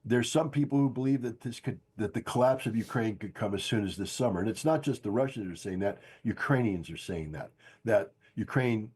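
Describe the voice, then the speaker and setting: An older man giving forceful, insistent political commentary as a guest, hammering home his points by repeating them. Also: on the low side, animated, a little fast, slightly rough. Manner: emphatic, insistent, repeats key phrases. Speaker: guest analyst. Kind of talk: political commentary on a podcast stream.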